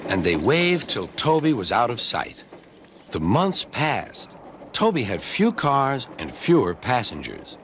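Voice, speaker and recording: A man reading a children's storybook aloud as narrator, in a gentle, expressive way. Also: medium pitch, a little slow, a little hiss or hum.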